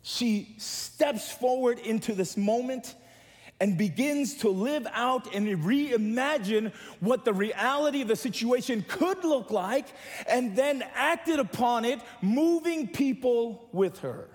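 A man with a notably high voice preaches to his church, telling funny stories and asking the congregation to answer back. His voice trails off in a long reverberant echo, as though the room is a large sanctuary. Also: lively intonation, slow pace. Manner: preaching with humor and call-and-response to the church. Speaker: pastor. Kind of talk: sermon.

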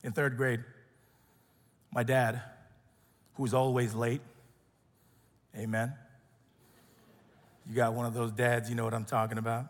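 A man preaching a sermon in an earnest way, swinging between raised emphasis and hushed, quiet passages. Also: medium pitch, level tone, unhurried, pauses often. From grew up as an immigrant. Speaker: pastor. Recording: long hall reverb.

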